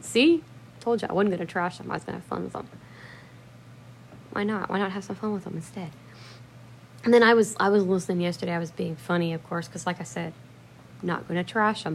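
A woman's voice: fairly low pitch, a little hiss or hum. A woman hosting a podcast, telling stories in a casual chat, blunt and profane, laughing often and acting out quotes. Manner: acts out quotes with lively voices. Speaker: podcast host.

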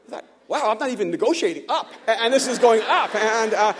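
A male pastor telling a story in a sermon to a live church gathering, animated, stacking up repeated "and"s and laughing along as he goes. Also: very high voice, fast, crowd noise.

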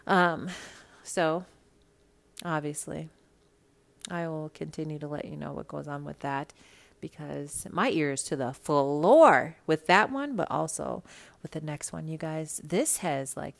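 Low gravelly woman dishing gossip on her podcast, blunt and sassy, cusses a lot, from minnesota. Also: unhurried. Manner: blunt, sassy, swears freely. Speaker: podcast host. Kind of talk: casual celebrity gossip monologue.

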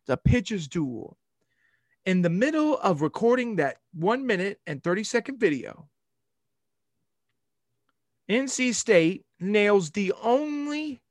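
A man's voice: high-pitched, no echo, clean studio sound. Rambling young man on sports talk. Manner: rambling, animated storytelling. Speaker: sports podcast host.

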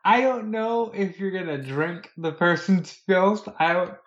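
A man's voice: high voice, a little slow. A man co-hosting a casual wrestling chat, retelling events with acted-out quotes. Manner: animated storyteller acting out quotes. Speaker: podcast co-host. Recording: dull lo-fi audio.

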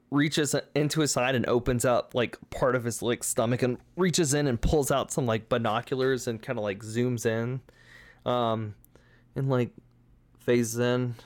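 A man's voice: mid-range voice, steady tone, unhurried, no room sound. Rambling male game master. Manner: rambling, many likes and ums. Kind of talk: narrating a tabletop game.

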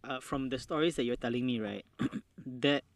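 Quiet man, soft supportive remarks. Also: medium pitch, normal speed, dry recording. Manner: quiet, supportive, short acknowledgements. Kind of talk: casual chat.

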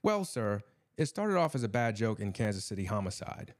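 A man's voice: fairly low pitch, sing-song, moderate pace, no room sound, clean studio sound. Clarice Starling, as a man puts her on, earnest and polite. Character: nervous young female FBI trainee.

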